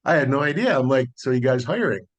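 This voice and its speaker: A man's voice: mid-range voice, fast, lo-fi sound. Middle-aged guy chatting easy on a podcast, voices the other people in his story. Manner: relaxed, chatty storyteller acting out dialogue. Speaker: solar sales consultant. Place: Las Vegas.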